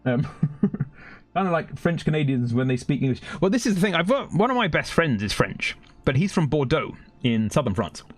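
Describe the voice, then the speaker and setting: This gaming streamer's voice is on the high side and sing-song, at a normal speed, with no echo and faint music in the background. He rambles through casual chat, cursing freely, laughing a lot, and yelping whenever the game gets intense.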